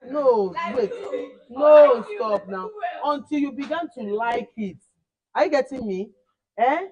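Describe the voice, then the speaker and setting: Animated woman teaching children. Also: fairly high pitch, slow pace, highs cut off. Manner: animated, repeats words for emphasis. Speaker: camp teacher.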